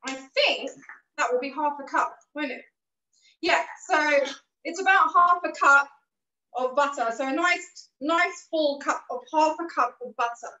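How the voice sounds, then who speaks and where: A woman with a high voice leads a cooking lesson in a kitchen, giving patient, encouraging instructions. Her throat is a bit rough, with the odd cough. She sounds a step away from the mic, in a roomy space with dull, muffled sound. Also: unhurried, sharp tone, far from the mic. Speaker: cooking class host. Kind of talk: live online cooking lesson.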